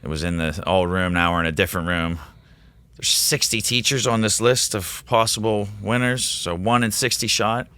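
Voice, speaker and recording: Excitable male teacher guest, rambling storyteller, slightly low, smooth clear tone. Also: normal speed, dry recording. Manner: rambling, excitable, quotes himself in animated voices. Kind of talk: casual storytelling in a podcast interview.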